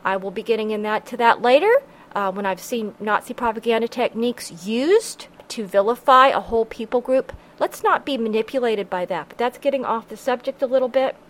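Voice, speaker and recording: A woman delivers an earnest, preachy podcast monologue, stopping often to quote scripture in old-fashioned wording. Her voice sits a little higher than most women's. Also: fairly quick, poor audio. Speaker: podcast host.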